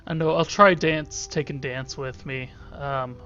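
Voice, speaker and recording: A man's voice: on the high side, steady tone, measured pace, sharp tone, lo-fi sound. A man giving casual gameplay commentary as a let's play host, joking and irreverent, thinking aloud. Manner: joking, irreverent, talks to himself.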